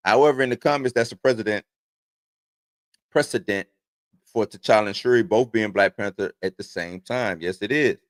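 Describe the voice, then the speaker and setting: A man's voice: on the low side, moderate pace, pauses often, no echo. A man in his forties hosting a casual livestream, reading entertainment news aloud and then rambling off into his own stories. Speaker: host.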